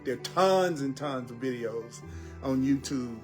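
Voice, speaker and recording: A man giving a spiritual teaching talk as a teacher, slowly and deliberately repeating affirmations. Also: medium pitch, over music. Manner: slow, deliberate repetition of affirmations.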